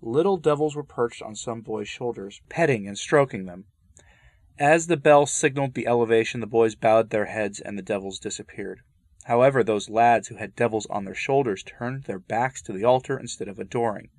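A man reading a saint's visions aloud in a measured way, with loose spoken asides that break off and restart. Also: medium pitch, darkish tone, no room sound, clean studio sound. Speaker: religious commentator. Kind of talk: reading a saint's story with commentary.

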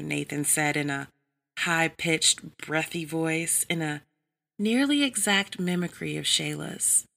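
A woman narrating an adult story in a measured, even reading style. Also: low-pitched, gravelly.

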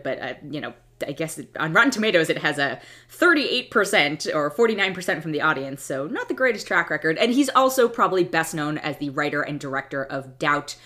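Lively, low-voiced woman reviewing films. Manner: blunt, opinionated, exasperated; restarts and trails off mid-thought. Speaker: film reviewer. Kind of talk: casual movie review monologue.

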